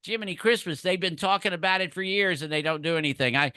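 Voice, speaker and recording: A man's voice: fairly high pitch, fast, pushed and bright, clear, resonant tone, dry recording, clean studio sound. A man on a podcast panel, making his case in a folksy, conversational way. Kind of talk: casual panel discussion.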